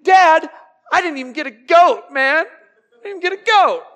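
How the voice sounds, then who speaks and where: A man's voice: very high voice, animated, moderate pace, sharp tone, long reverb tail, voice pushed up, exaggerated voice. A man doing a whiny jealous older brother. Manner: whining, complaining. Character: whiny resentful young adult older brother.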